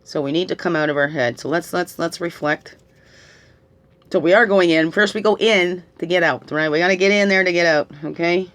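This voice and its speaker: A woman's voice: on the low side, fairly quick, fairly bright tone. A middle-aged woman, tearful, leading a reflective spiritual guidance talk as a tarot reader, coaxing listeners with questions and a constant "right?".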